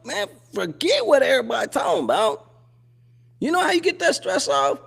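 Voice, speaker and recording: A man, hosting a live show with a casual, animated commentary monologue that repeats phrases and laughs often. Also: sits high, moderate pace, vocal fry.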